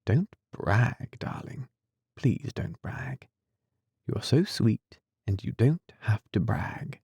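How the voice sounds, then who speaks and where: A man voicing a tender, devoted young nurse in an audiobook, soft and coaxing. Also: lowish voice, big pitch swings, takes it slowly, breathy edge, no room sound, heavily acted. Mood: teasing. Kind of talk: audiobook character reading.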